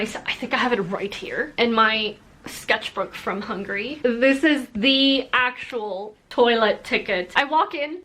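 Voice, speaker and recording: A woman vlogger telling personal stories to camera in a casual, animated way, laughing now and then. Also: fairly high pitch. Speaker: language-learning vlogger.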